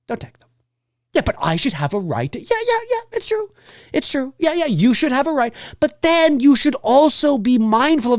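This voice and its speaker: A man's voice: very high-pitched, big pitch swings, normal speed, no room sound, studio quality. A man hosting a livestream show, ranting casually with exasperation, swearing freely and mimicking noisy children.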